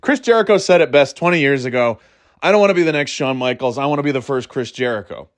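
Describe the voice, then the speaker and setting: A man's voice: mid-range voice, quick pace. A man talking casually on his own, rambling with fillers and restarts and cutting in short jokey imitations. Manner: breaks into short mock catchphrase imitations. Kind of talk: casual solo chat.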